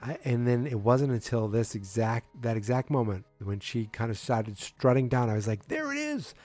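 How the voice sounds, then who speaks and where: A man hosts his podcast in a loose, rambling way, full of fillers and restarts. His tone is dark and mellow. The sound is dry and close, with faint music underneath. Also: medium pitch, steady tone, normal speed, dry recording. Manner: rambling, self-correcting, filler-heavy. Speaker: podcast host. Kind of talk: casual solo podcast chat.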